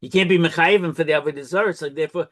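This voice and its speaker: A man's voice: a little high, very fast, a bit bright. A man in a Talmud study session who explains patiently, confirms what his partner says and sums up the reasoning.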